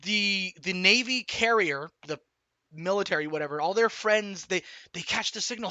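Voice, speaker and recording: Male streamer, high bright voice, excitable rambling recap, sweary, dry close sound. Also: normal speed, no echo. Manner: animated, swears a lot, rambling with restarts. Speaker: streamer reviewing a film. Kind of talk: excited casual movie recap.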